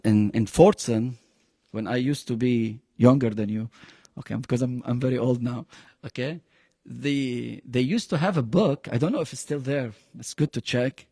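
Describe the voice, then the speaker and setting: A man of medium pitch and darkish tone teaches a Quran lesson, his words trailing a long reverb. Arabic is his native language; he mixes phrases into his English, speaks emphatically, and quizzes the class often.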